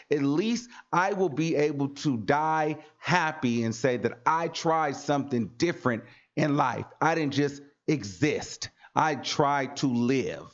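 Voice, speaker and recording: Earnest preachy man, lo-fi stream audio. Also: a little high. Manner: earnest, preachy, repeats himself for emphasis. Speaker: talk show host. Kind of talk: casual motivational livestream talk.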